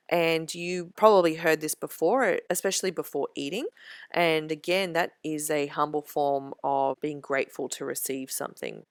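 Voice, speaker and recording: Woman tutor going over grammar slides, low voice, dry close sound. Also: no room sound. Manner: clear, measured explaining, slows down for example sentences. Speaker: Japanese language tutor. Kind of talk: slide-based grammar lesson.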